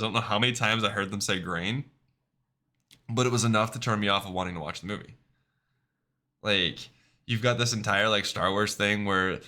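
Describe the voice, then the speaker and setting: Bright-voiced man rambling in casual chat. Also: lowish voice. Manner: rambling, many fillers and tag questions. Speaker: streamer.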